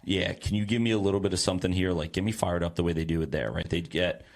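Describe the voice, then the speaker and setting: A man's voice: sits low, fairly even intonation, quick pace, gravelly. A young man co-hosting a sports podcast in a casual, joking, riffing way. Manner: joking, riffing, playful announcer bits. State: getting over a head cold. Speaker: podcast co-host. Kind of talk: casual chat.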